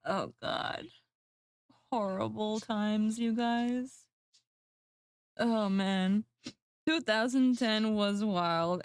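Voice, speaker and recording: A woman's voice: mid-range voice, clean tone, dry recording. A woman streamer chatting casually with her viewers, laughing often and mocking herself. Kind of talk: casual livestream chat.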